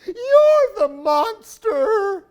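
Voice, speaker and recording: A man voicing a small scared owl who wails in a high, squeaky voice, reading a picture book aloud. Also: very animated, creaky, darkish tone, heavily acted. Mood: shrieking. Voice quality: high wailing. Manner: drawn-out, squeaky. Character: small scared owl hiding in a tree, crying.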